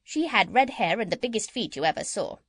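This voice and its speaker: A woman's voice: mid-range voice, brisk, slightly rough, no echo, studio quality. A woman doing a chattering gossipy parrot. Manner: lively, chattering storytelling. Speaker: audiobook reader. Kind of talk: children's audiobook character reading.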